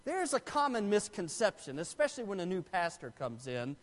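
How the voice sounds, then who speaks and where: A man's voice: high voice, big pitch swings, a little fast, big-room sound. A man preaching a sermon as pastor, emphatic and asking questions of the congregation.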